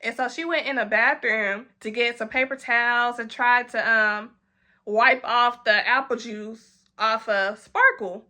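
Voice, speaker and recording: A young woman, animated and acting out her friends' voices as she talks. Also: on the high side. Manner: animated, acts out friends' lines in quick quoted voices. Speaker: vlogger. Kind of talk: storytime vlog.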